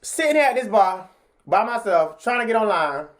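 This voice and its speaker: A woman telling a story in a casual vlog, chatty and slangy, talking straight to her viewers. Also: normal speed. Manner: animated, jumps into high pitch when acting out what people said.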